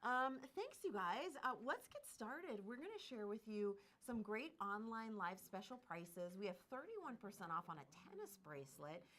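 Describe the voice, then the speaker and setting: A woman hosting a live shopping stream, bubbly and quick to laugh, with lively sales patter. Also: fairly high pitch. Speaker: shopping channel host.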